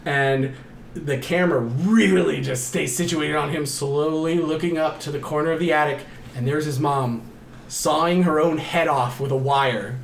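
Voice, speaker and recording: Animated, swearing man retelling a film. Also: fairly high pitch, moderate pace, creaky, roomy sound, a little hiss or hum. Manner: animated storyteller, acts out characters with gasps and shouts, swears often. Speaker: podcast co-host. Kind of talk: casual movie recap.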